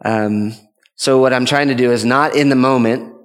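A man's voice: mid-range voice, fairly even intonation, moderate pace, in a large hall. A man giving an earnest, conversational teaching talk on parenting as a father, often restarting his sentences. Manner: earnest, rambling with frequent restarts.

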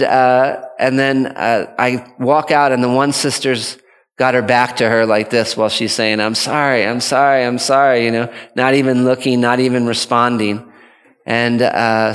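A man's voice: medium pitch, clear, resonant tone, long reverb tail. A man giving an earnest, conversational teaching talk on parenting as a father, often restarting his sentences. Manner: earnest, rambling with frequent restarts.

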